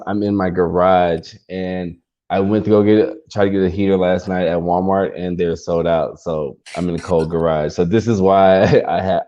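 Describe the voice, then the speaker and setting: A man with a low, mellow voice hosts a casual video chat from his garage. He asks curious questions in halting bursts, and the sound is muffled and lo-fi. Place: cold garage. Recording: dull lo-fi sound.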